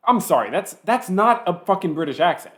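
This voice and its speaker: Male reaction commentator, sarcastic, animated up-and-down delivery. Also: high-pitched. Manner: sarcastic, pausing the clip to mock it.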